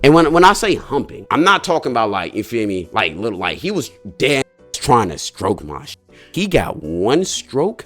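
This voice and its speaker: A young man casually telling a funny story as a streamer, slangy and profane, jumping into high yelps of disbelief. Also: a bit bright.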